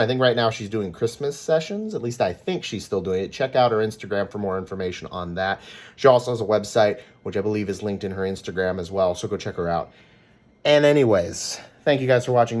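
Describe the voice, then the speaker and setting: Chatting casually on his vlog, a man with a mid-range voice and a Californian American accent wanders from point to point, peppering his talk with ums and self-corrections.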